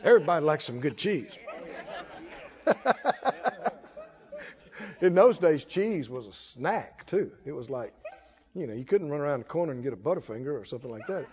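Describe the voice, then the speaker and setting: Preacher telling a folksy funny story, lively up-and-down voice, muffled lo-fi church recording. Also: male voice, a little high, moderate pace, long pauses. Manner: folksy, humorous storytelling, laughing often. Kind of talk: sermon. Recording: dull lo-fi recording in echoey hall.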